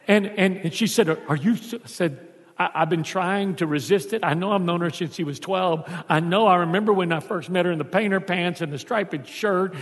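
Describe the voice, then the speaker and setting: Animated pastor telling a story, reverberant hall. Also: male voice, high voice. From Texas. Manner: animated storyteller acting out dialogue. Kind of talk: storytelling sermon. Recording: long church hall reverb.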